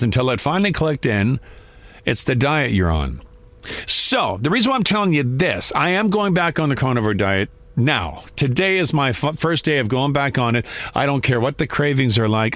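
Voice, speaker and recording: Middle-aged male podcast host, candid and rambling, lively swinging pitch, dry close sound. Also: no room sound. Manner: candid, rambling, self-correcting. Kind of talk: casual monologue.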